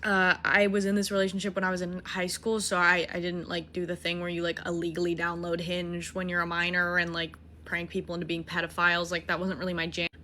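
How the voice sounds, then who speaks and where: A woman in her twenties tells a dating story in a casual rush, cursing freely and laughing at her own mistakes. Her voice is bright and forceful. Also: fairly low pitch, fairly quick, hardly any pauses. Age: 20s. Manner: animated, swearing, self-mocking.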